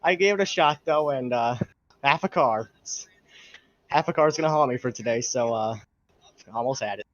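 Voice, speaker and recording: A man's voice: mid-range voice, moderate pace, no room sound, dull audio. A man being interviewed after the race from his room at home, tired and candid about his frustration.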